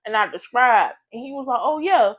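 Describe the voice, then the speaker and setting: Young woman, slightly high-pitched, animated and profane storytime vlogger. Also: moderate pace. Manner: animated, profane, chatty retelling. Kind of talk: casual storytime.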